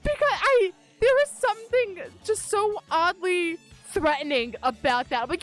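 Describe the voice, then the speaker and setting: A woman streamer tells a story while she plays, excitable and liberally profane. Her voice sits high and leaps all over the place in pitch. Soft game music hums underneath. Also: brisk. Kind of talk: casual storytelling while gaming.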